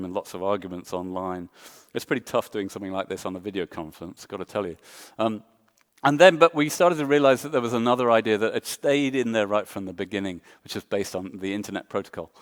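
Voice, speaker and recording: An Englishman giving a design talk on a conference stage, self-deprecating and joking, with lots of ums and uhs. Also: fairly low pitch. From England. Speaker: conference speaker.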